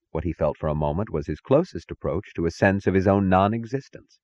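A man narrating a novel in a measured, dramatic reading that gives each character its own voice. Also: sits low, darkish tone, no echo, highs cut off. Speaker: audiobook narrator. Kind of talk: scripted narration.

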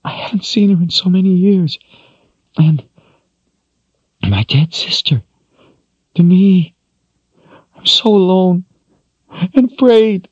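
A shaken young woman speaks of the dead in a grave, fragile tone, as a man reads her part. Her pitch swings widely as fear breaks through. The recording is dry and slightly muffled. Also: lively intonation, normal speed, a little mellow, no echo. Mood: sobbing, terrified.

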